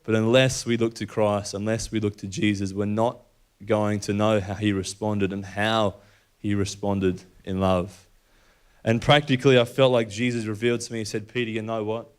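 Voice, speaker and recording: A man's voice: on the low side, flat delivery, moderate pace, smooth. A young man giving a personal faith talk to an audience, telling stories and acting out the dialogue in a conversational way. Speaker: speaker at a faith event.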